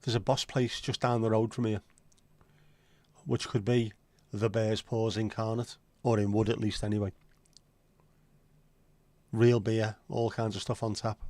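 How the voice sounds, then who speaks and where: A man's voice: lowish voice, flat delivery, measured pace, pauses often, a little mellow, no echo. A man hosting a casual livestream, chatty and joking as he answers viewer comments. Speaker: livestream host.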